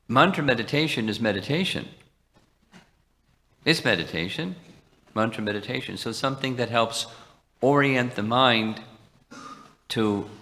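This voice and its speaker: A man's voice: medium pitch, bright, forceful tone. A man leading a devotional class, taking questions and explaining with quoted Sanskrit verses. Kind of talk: devotional teaching and Q&A. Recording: reverberant lecture hall.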